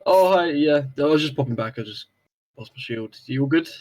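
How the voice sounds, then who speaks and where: A man's voice: fairly high pitch, expressive, brisk, a little mellow, rough recording. A man playing a tabletop role-playing game, chatty and slipping into his character's voice to talk to the group. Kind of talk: casual tabletop role-play chat.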